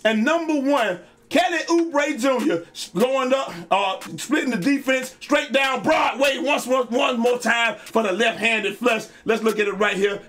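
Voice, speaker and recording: A man hosting a video channel, giving hyped, slangy commentary over basketball highlights and shouting out the big plays. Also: a little slow, hardly any pauses, a little hiss or hum. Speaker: YouTube host and streamer.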